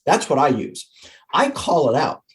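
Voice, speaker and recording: A man, a guest author and coach, giving energetic conversational interview answers and acting out his own inner thoughts. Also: medium pitch, unhurried.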